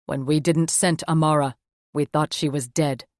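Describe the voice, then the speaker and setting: A woman's voice: sits low, steady tone, normal speed, no room sound, studio quality, lightly acted. A woman voicing an earnest, devout male werewolf, emphatic and heartfelt.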